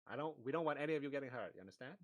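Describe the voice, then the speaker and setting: A man playing in a tabletop game, talking informally with halting restarts. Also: mid-range voice, expressive. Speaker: player. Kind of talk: tabletop game role-play.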